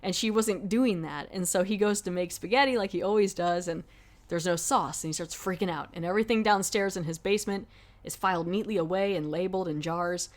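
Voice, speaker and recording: Brief: woman podcast host, lower voice, chatty rambling film recap. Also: a little fast. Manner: rambling retelling with lots of 'like'. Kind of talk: casual film review chat.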